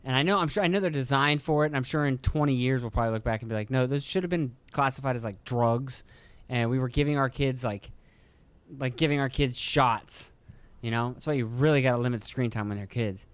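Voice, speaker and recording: Here a young rural Pennsylvanian hosts his podcast, swearing and joking through a relaxed ramble while quickly imitating his kids and himself. His throat is phlegmy, his voice clean and mid-range, and the recording has no room sound.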